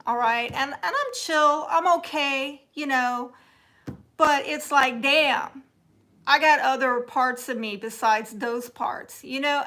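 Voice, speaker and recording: A Texas woman with a Southern accent hosts a casual live chat and reads her viewers' comments aloud. Her voice is bright and fairly high, and she takes her time. She teases and jokes with an easy laugh. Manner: chatty and teasing, laughs often, drops to soft asides. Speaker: livestream host reading viewer chat.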